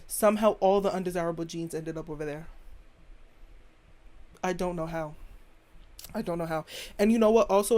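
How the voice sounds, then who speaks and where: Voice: medium pitch, a little mellow. Sassy blunt podcast host from the US. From United States. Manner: sassy, blunt, repeats punchlines. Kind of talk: casual opinion rant.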